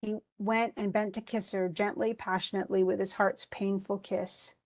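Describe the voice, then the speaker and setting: A woman's voice: medium pitch, little pitch movement, moderate pace, a little mellow. Chatty woman college English instructor. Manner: chatty, reads story passages aloud between comments; many fillers and restarts. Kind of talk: informal recorded lecture.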